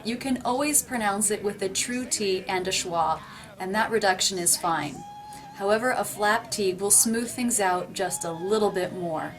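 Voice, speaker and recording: Woman teaching pronunciation, super slow and careful, drills phrases over and over, faint music underneath. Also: medium pitch. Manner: clear, deliberate, over-enunciated demonstrations. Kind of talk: pronunciation lesson with slow repeated examples.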